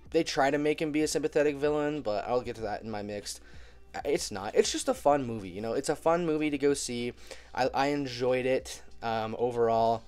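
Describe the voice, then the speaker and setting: A man's voice: mid-range voice, darkish tone, clean tone. A young man with a cold talking casually in a movie review vlog, chatty, filling his talk with "like" and laughing easily. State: getting over a cold.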